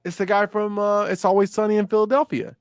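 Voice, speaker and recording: A young man co-hosting a casual podcast, his voice sitting a touch high. He rambles easily and leans on fillers and restarts. The recording is dry and close, with little room sound. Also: level tone, quick pace, smooth, no room sound. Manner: laid-back, rambling, lots of fillers and restarts. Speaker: podcast co-host. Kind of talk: casual chat.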